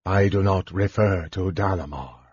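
A cold spectre haunts a dark tower in this audiobook, voiced by a man, slow and forbidding in its warnings. The voice sits low and husky. It sounds dry and dull, like a lo-fi recording. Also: dry recording. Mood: menacing. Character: menacing ghostly spectre guarding a tower.

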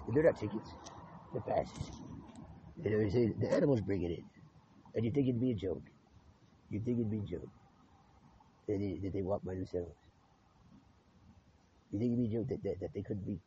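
Through muffled, lo-fi audio with noticeable background noise, a man with a low-leaning, dark voice rambles on alone. He keeps repeating words, starts over often and swears without restraint.

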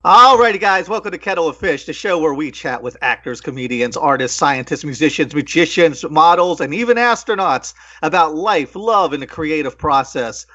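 A man's voice: on the high side, animated, moderate pace, hardly any pauses, a bit bright, muffled recording. A man hosting a podcast, jokey and hammy as he introduces the show and guests. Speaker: podcast host.

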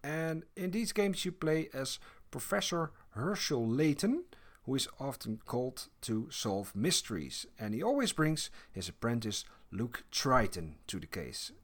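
Lively man chatting about games. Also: medium pitch. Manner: animated, laughs often, many restarts. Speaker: podcast co-host. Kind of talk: casual chat about video games.

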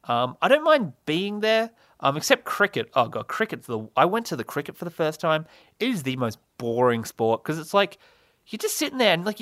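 A man's voice: fairly high pitch, fairly bright tone, dry recording, clean studio sound. A young man hosting a solo comedy podcast, rambling and self-mocking with lots of fillers and laughs. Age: young adult. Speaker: podcast host.

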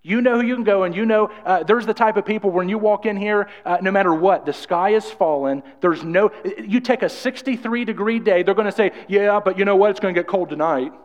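High-voiced pastor in a reverberant hall. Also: male voice, brisk, hardly any pauses. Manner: rambling, repeats words and restarts often. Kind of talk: sermon. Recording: reverberant church hall, dull lo-fi sound.

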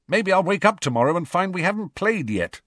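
A man's voice: sits high, sing-song, fairly quick, a bit bright, no room sound, studio quality, pitched above the performer's own voice, exaggerated voice. A man voicing a tired, wistful teenage girl athlete in a storybook reading, with a raised voice. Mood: weary. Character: weary teenage girl sports player.

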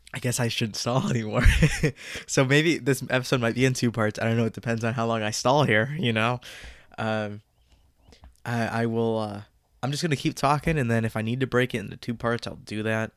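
A man's voice: mid-range voice, fairly even intonation, normal speed, long pauses, dry recording. Stuffy-nosed teen guy rambling on his podcast, dry close sound, jokes about stalling. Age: late teens. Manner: rambling, self-aware, jokey about stalling. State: congested, stuffy from a cold. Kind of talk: casual solo podcast chat.

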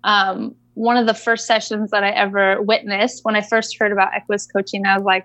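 A woman's voice: medium pitch, little pitch movement, brisk, gravelly, few pauses, fairly bright tone, no room sound. A woman equine coach telling a story in a casual interview, chatty and full of fillers.

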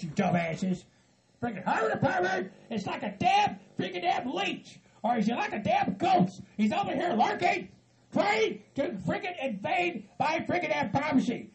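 A man voicing a paranoid, furious hillbilly who yells curses nonstop in a raspy, screeching voice. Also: extremely high pitch, voice pushed up. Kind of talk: hobby comedy skit acting.

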